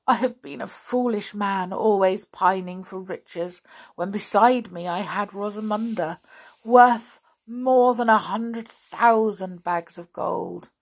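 A woman's voice: medium pitch, slow pace. A woman reading a storybook aloud, voicing a remorseful, loving old king who pleads with emotion.

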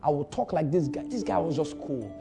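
A man with a Nigerian accent preaching a sermon as a pastor, building to shouted lines and repeating phrases for emphasis. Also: on the high side, animated, fairly quick, creaky, over music.

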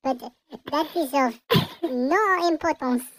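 A player voicing a dramatic small French baby in a mock French accent with French words thrown in, through a pitched-up childlike voice. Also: slow, fairly bright tone, slight background noise, poor audio. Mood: earnest.

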